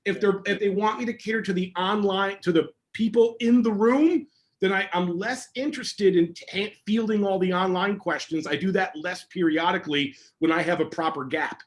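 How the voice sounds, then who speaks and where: A man, a security educator, answering questions in a casual online session with energetic, emphatic talk. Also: high-pitched, moderate pace.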